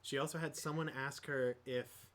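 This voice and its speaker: Podcast co-host, male, easygoing ramble, lots of ums and restarts, mid-pitched. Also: steady tone, moderate pace, a bit bright. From Midwest United States. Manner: rambling, many fillers and restarts. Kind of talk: casual chat about tabletop gaming.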